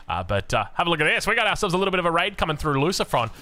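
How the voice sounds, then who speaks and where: Lively Australian man casting a strategy game. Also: fairly high pitch, rapid-fire. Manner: jokey, rambling, excitable. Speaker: game caster. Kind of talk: game commentary with chatty asides.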